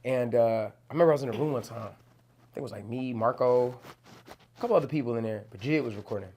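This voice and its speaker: A young New Jersey rapper, a guest in an interview, talks loose and slangy, swearing plenty and saying "you know what I'm saying" a lot. His voice is mid-range and mellow with a quick pace, over slight background noise.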